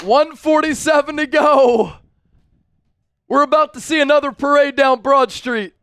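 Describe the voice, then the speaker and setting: A man hosting a live sports stream, excitedly calling the game and reading out viewer donations between fan chants. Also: very high voice, unhurried, dry recording, studio quality. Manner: chanting and shouting fan cheers.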